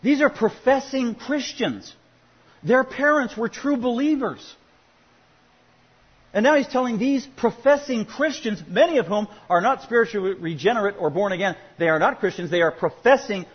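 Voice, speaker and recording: A male pastor preaching a sermon, swinging from quiet asides to loud emphatic points. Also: high-pitched, moderate pace, slightly rough, long reverb tail, dull audio.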